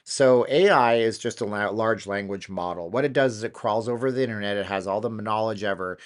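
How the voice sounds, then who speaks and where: A man's voice: fairly low pitch, brisk. A man hosting a casual live stream, rambling along with lots of fillers and restarts.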